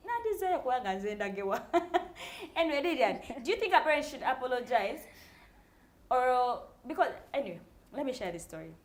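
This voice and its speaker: A woman's voice: high-pitched, big pitch swings, moderate pace. A woman with a Ugandan accent co-hosting a casual panel chat. She tells stories with energy, switches between English and Luganda, and laughs often. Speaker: co-host.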